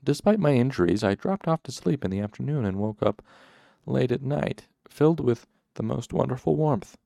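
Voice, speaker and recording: A man reading a novel aloud as first-person narration, in a measured, even storytelling manner. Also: mid-range voice, creaky, no echo, studio quality. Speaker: audiobook narrator.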